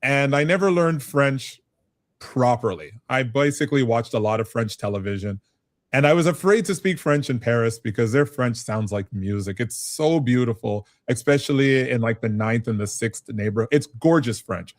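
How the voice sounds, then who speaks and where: Middle-aged man from Canada, business advisor guest, mid-pitched voice, animated and self-mocking, chatty interview delivery. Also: moderate pace, no echo, clean studio sound. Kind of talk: conversational interview.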